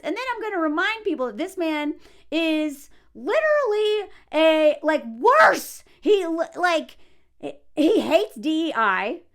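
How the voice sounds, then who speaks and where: A middle-aged woman ranting to camera in a loud, emphatic vlog, often breaking into yelling. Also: sits high. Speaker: vlogger.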